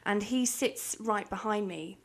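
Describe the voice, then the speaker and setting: A woman's voice: medium pitch, unhurried. A young English woman chatting casually and rambling as she vlogs over a game build, swearing and laughing now and then. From England. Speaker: gaming vlogger.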